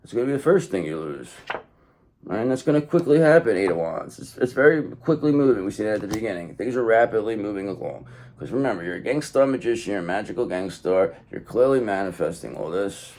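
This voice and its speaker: A man's voice: fairly low pitch, fast, slight background noise. Man giving a casual tarot reading. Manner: animated, talks straight to the viewer, swears casually. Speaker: tarot reader.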